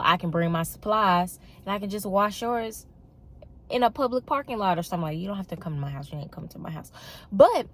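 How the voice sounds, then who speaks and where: Emphatic woman with a low voice. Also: a little hiss or hum. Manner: expressive, emphatic, exasperated storytelling. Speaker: vlogger. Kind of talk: casual monologue to camera.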